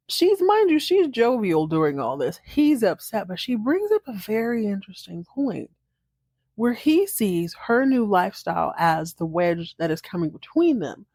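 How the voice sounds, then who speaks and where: A woman podcast host recapping a TV drama episode in a sassy, animated way, laughing often as she comments. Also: medium pitch, moderate pace, slightly rough, no echo.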